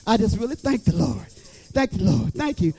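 An older man preaching a fervent church sermon, exhorting the congregation and building up to shouting. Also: sits high, sing-song, normal speed, slightly rough, soft background music.

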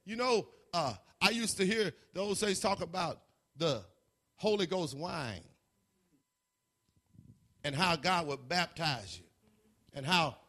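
A fervent male preacher in mid-sermon, his voice sitting high and ringing bright. His pitch leaps and dips all over the place, and he climbs into shouts with stammered repeats and chuckling asides. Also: expressive, slow, long pauses.

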